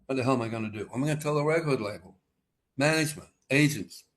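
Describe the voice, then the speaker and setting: A man's voice: mid-range voice, rapid-fire. An older man, a musician guest telling rambling anecdotes in a casual video-call interview and acting out the dialogue. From Australia. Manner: rambling anecdotal, acts out dialogue with shifting voices.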